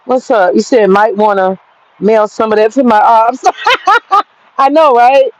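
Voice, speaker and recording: A chatty, excitable woman from Georgia, vlogging in her garden and swearing freely. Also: a little high, takes it slowly, rough recording. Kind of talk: casual outdoor vlog. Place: outdoor home garden.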